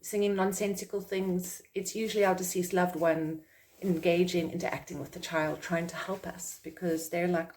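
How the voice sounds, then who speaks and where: A woman's voice: on the low side, flat delivery, moderate pace, a little mellow. A woman from South Africa, a psychic medium, talking casually to camera and acting out quoted reactions in a raised voice. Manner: rambling, with fillers and restarts.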